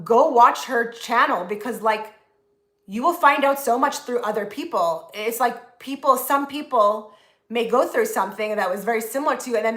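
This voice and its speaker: Chatty bright-voiced woman on a live stream. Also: fairly high pitch, roomy sound. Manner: chatty, rambling, lots of "like" and restarts. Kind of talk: casual live-stream chat. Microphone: phone.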